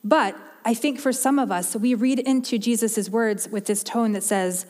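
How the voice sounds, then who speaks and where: A woman's voice: fairly high pitch, normal speed, few pauses, a little mellow, long reverb tail. A woman preaching a sermon in an earnest, heartfelt way, often restarting and repeating her words.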